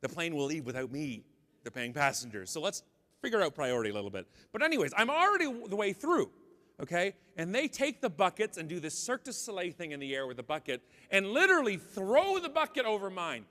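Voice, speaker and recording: A Canadian man giving a comedic keynote talk, telling a story with animated, mock-angry outbursts in a large conference hall. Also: sits high, a little fast. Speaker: keynote speaker.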